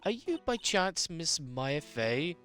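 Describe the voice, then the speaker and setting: A woman's voice: low voice, very animated, slow pace, fairly bright tone, soft background music, pitched above the performer's own voice, heavily acted. A woman voicing a polite, formal male hotel bellboy from a video game.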